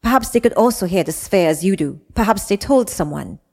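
A woman voicing a calm man of authority who asks measured, pointed questions in an audiobook. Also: medium pitch, vocal fry, big-room sound. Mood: probing.

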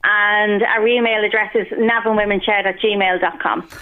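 A woman speaking as a guest on a radio show by phone, brisk and chatty. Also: medium pitch, steady tone. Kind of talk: phone-in interview. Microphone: telephone. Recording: tinny phone line.

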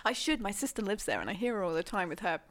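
A woman's voice: mid-range voice, sing-song, fairly bright tone. An English woman hosting a film podcast in a casual, rambling chat, laughing often. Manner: giggly, rambling, quick to laugh. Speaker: podcast host.

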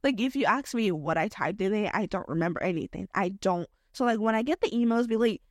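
A young woman hosting her own podcast, chatting casually in a slangy, expressive way that jumps between topics, recorded at home late at night. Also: mid-range voice, a little fast, no room sound, studio quality. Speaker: podcast host. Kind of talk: casual solo podcast chat.

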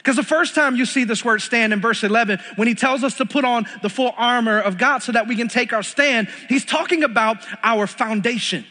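A young Texan man preaches from a church stage, his voice pitched high and bright. He drives points home by repeating them. His words ring out in a large hall's long reverb. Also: fairly quick, few pauses. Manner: emphatic, repeating lines for stress. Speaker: pastor. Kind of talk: sermon. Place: church sanctuary.

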